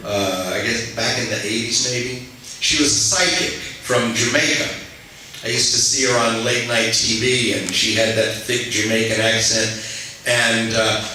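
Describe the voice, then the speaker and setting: A man's voice: medium pitch, pushed and bright, slight background noise. A male pastor preaching a sermon in a conversational way, now and then putting questions to the congregation. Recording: echoey hall, mic at a distance.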